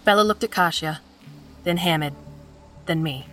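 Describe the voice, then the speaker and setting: Low-voiced woman narrating a horror story. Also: fairly bright tone, far from the mic, faint music behind. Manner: measured, tense storytelling. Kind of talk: scripted first-person narration.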